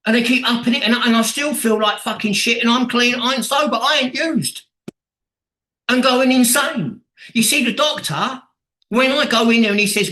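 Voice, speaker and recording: A man's voice: very high voice, normal speed, bright, forceful tone, echoey room, rough recording. A man speaking bluntly at a recovery meeting, swearing a lot and acting out the voices of the people he quotes. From England. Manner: blunt and heavily profane, acts out quoted voices.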